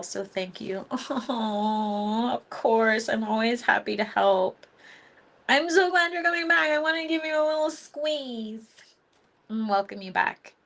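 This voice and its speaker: A woman's voice: mid-range voice, creaky, a bit bright. A woman hosting a live Q&A as a spiritual teacher, chatting casually with viewers, gushing and affectionate, laughing often and leaning on fillers. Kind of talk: casual live-stream chat answering viewer comments.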